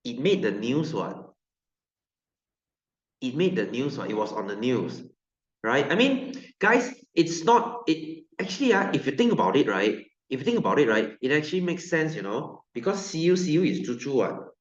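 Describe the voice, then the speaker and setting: A Malaysian man runs a relaxed science lesson, joking with his students and laughing between points. His voice sits at a middle pitch. The recording is roomy and a little dull, as if made in a bare room. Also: normal speed. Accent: Malaysian English. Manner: joking, chatty, laughs often, mixes in Malay. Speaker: science teacher. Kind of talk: online class teaching.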